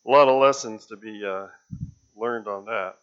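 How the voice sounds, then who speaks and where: A man preacher giving a sermon and praying, earnest and halting with fillers, on a dull lo-fi recording. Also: on the low side, a bit bright.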